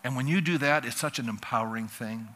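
A male pastor preaching a sermon in a lively, conversational way, acting out little dialogues for the congregation. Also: medium pitch, a little fast. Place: church sanctuary. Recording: long reverb of a church hall.

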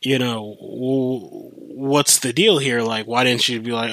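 A man's voice: mid-range voice, slow, dry recording. Young guy ranting on his podcast, swears a lot, keeps restarting, dry mic. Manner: animated, profane, rambling with restarts. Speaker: podcast host. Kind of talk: casual storytelling rant.

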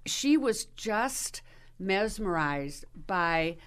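A woman's voice: mid-range voice, lively intonation, drawn-out words, a bit bright, smooth. A woman hosting a radio talk show, introducing her guests and asking them questions. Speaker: host.

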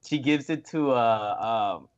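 A man's voice: mid-range voice, slow pace, clear, resonant tone, highs cut off. Tipsy, profane man podcast host. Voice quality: profane and rambling. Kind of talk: casual chat.

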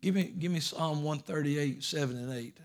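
Preaching at a moderate pace, a male pastor relates a story in which soft, low-voiced asides give way to raised, emphatic declarations.

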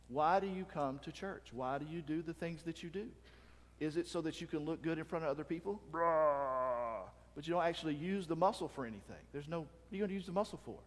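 A man's voice: high-pitched, big-room sound. A male pastor preaching a conversational sermon, often checking in with the congregation with "right?" and acting out stories with voices and sounds. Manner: acts out anecdotes with voices and sounds.

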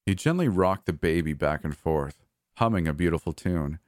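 Deep-voiced man narrating horror. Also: normal speed, dry recording, studio quality. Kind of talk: first-person horror story narration.

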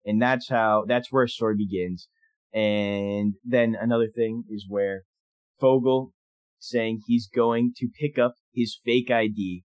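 A young man co-hosting a casual film discussion, chatty and animated, laughing often as he talks. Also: on the low side, a little slow, no room sound, lo-fi sound. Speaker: podcast co-host.

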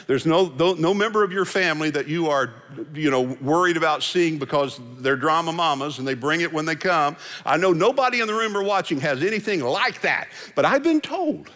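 A man giving a sermon as pastor, folksy and joking. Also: fairly high pitch. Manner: folksy, joking, animated delivery. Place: large hall with musicians. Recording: hall reverb from live service.

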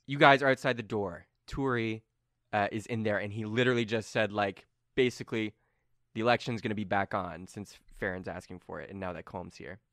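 Brief: easygoing male game master recapping a tabletop session, bright tone, dry close mic. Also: lowish voice, brisk, no room sound. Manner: casual, rambling, filler-heavy recap.

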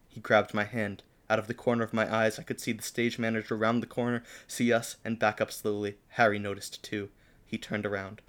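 A man's voice: lowish voice, level tone, moderate pace, fairly bright tone. A young man co-hosting a podcast, reading his own fan fiction aloud in a dramatic storybook way. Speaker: podcast co-host.

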